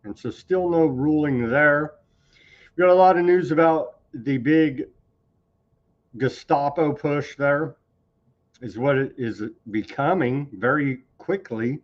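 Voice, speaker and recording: A man's voice: fairly high pitch, slow pace, dull audio. A man hosting a live news commentary stream, talking casually with sarcastic, scornful asides and rambling restarts. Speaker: news show host.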